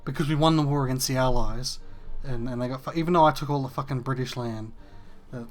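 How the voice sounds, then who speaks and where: A man's voice: medium pitch, fast, faint music behind. A man, hosting a casual gameplay rant that is frustrated, profane and rambling. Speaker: gaming video host.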